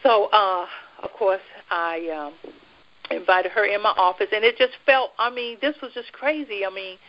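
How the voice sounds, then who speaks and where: A guest from the United States tells her personal faith story with liveliness, frequent laughter and acted-out quoted dialogue. Her mid-range voice moves at a moderate pace through a muffled recording.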